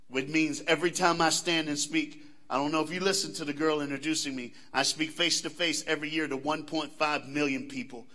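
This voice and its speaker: A man from the American South with a Southern accent, giving a live motivational speech to students at a school assembly and calling out questions to the crowd. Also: a little high. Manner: animated, engages the crowd with call-outs and questions. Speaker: motivational speaker.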